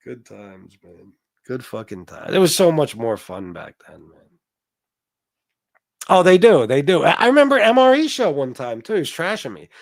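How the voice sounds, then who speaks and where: A man's voice: fairly high pitch, big pitch swings, moderate pace, vocal fry, dry recording, clean studio sound. A middle-aged man hosting a livestream, telling brash, profane stories and answering his chat. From Sicilian heritage. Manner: brash, profane storytelling, reads chat aloud. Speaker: livestream host.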